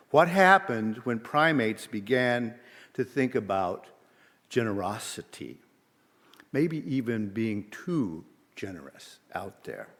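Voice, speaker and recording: A man, a minister, giving a sermon in a measured, deliberate way, often posing rhetorical questions, in a church sanctuary. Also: medium pitch, lively intonation, a bit bright. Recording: long reverb of a large hall.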